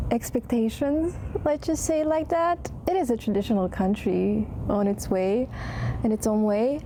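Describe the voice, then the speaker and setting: A woman's voice: on the high side, noisy background. A young woman from Croatia giving a candid, reflective vlog voice-over. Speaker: vlogger. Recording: music clearly behind the voice.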